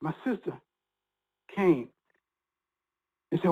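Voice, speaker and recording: A guest, a man with a high voice and lively intonation, shares an emotional story about himself. He speaks earnestly, stumbling and restarting often, over a muffled recording.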